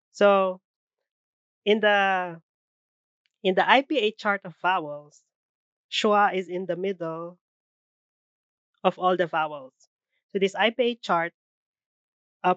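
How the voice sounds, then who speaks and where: A woman's voice: on the low side, no echo, highs cut off. A woman giving a classroom presentation on phonetics, explaining carefully with frequent fillers.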